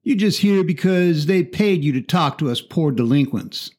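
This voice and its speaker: A man voicing a hostile, defiant large teenage boy who talks tough and scornful, in a fairly high voice. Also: lively intonation, moderate pace, a little mellow. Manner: scornful, tough street talk.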